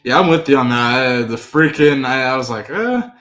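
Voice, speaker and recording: A man co-hosting sports talk, setting up topics and agreeing along in a relaxed, easygoing way. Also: mid-range voice. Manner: easygoing, agreeable, quick to laugh.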